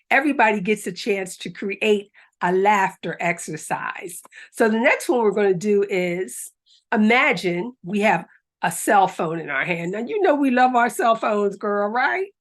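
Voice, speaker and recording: A middle-aged woman leading a laughter yoga class, coaxing and upbeat, breaking into hearty laughter. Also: mid-range voice. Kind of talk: guided exercise class.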